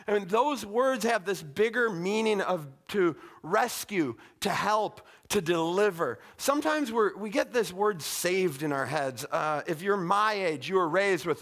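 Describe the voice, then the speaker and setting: A middle-aged man preaching a sermon in a conversational, animated way, with casual asides. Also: high voice, a little slow, hardly any pauses. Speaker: pastor.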